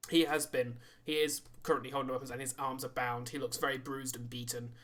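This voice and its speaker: Male DM, haltingly narrates the scene, mid-range voice. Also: medium pitch, little pitch movement, fairly bright tone. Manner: halting narration, many ums and restarts. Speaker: dungeon master. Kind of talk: narrating a tabletop game.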